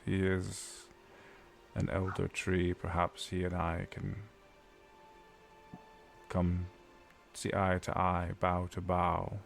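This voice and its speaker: A man playing a grave, gravelly mother dryad. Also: low-pitched, completely flat delivery, soft background music, exaggerated voice. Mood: earnest. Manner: slow, measured, formal speech. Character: calm, grave female dryad elder, a mother.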